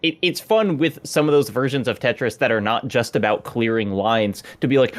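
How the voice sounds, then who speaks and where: A man co-hosting a games podcast, chatting in an animated way and acting out reactions. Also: mid-range voice, normal speed, hardly any pauses. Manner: animated, acts out reactions in quotes. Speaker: podcast co-host. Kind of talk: casual chat.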